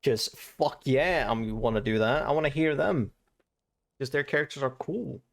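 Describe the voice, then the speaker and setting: A man's voice: medium pitch, normal speed, vocal fry. A man streaming a video game, chatting casually, swearing often and reading the game's text aloud. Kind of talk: casual live-stream commentary.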